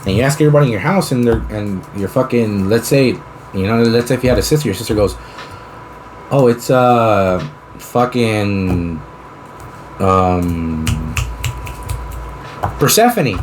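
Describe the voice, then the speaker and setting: A man's voice: mid-range voice, very fast, a little mellow, a little hiss or hum. Rambling, profane young man podcast host. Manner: rambling, profane, spins long hypothetical scenarios. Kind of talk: casual chat.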